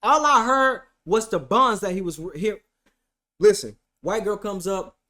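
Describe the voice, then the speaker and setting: This man streamer has a high-pitched voice and a measured pace. His comedic account of a day in court is animated and profane, swinging from loud outbursts to quiet asides.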